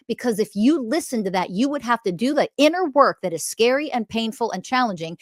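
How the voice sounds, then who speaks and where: A woman hosting a podcast, delivering a confrontational, profane ranting monologue that swings from loud emphasis to quiet muttering. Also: medium pitch, no room sound, studio quality. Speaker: podcast host.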